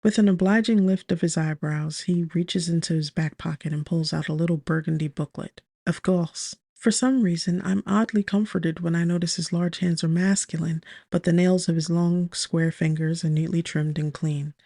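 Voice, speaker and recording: Female narrator, bubbly first-person romance read, vocal fry, dry close studio sound. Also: moderate pace, hardly any pauses, no room sound. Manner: lively, bubbly, with sudden high exclamations. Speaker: audiobook narrator.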